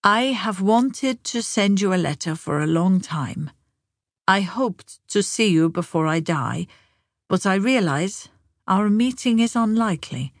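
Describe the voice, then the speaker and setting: Brief: woman reading as a stubborn, frail grandmother of ninety; flat, unhurried delivery. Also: medium pitch, dry recording, clean studio sound. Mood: blunt, determined. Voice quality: flat, slow, deliberate. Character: blunt, frail ninety-year-old grandmother.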